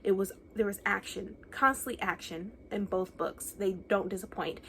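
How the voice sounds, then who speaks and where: A woman's voice: medium pitch, fairly even intonation, moderate pace, gravelly, fairly bright tone, a little hiss or hum. A young woman from the United States chatting casually about books she loved, gushing and enthusiastic with many restarts. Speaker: book reviewer. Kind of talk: casual book wrap-up chat.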